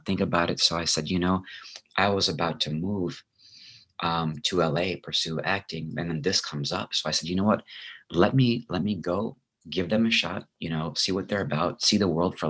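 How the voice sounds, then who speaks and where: A man's voice: low voice, steady tone, a little fast, fairly bright tone, slightly rough. A man being interviewed as a guest, an actor telling a personal story in an earnest, heartfelt, reflective way.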